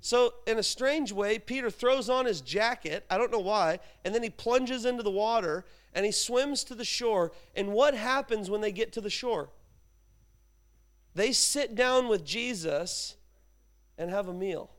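High, clear-voiced man preaching casually. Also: unhurried. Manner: informal, chatty storytelling with asides to the congregation. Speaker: pastor. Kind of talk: conversational sermon.

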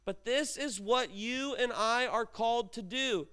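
High, smooth-voiced male preacher. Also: measured pace, sharp tone. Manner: conversational preaching, acts out dialogue, emphatic rises. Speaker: pastor. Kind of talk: sermon.

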